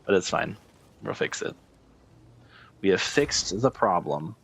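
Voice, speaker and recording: A man's voice: low-pitched, expressive, slow, vocal fry, a bit bright, husky. A man giving casual gameplay commentary, muttering, swearing and calling himself an idiot as he works. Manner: self-deprecating, swearing, frustrated muttering. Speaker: gaming streamer.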